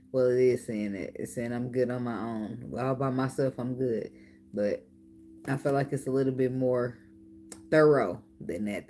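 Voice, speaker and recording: Deep-voiced woman reading tarot, cussing and cracking herself up, middle-aged, loose and playful. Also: dark tone, a little hiss or hum. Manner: profane, laughing, playful banter. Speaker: tarot reader.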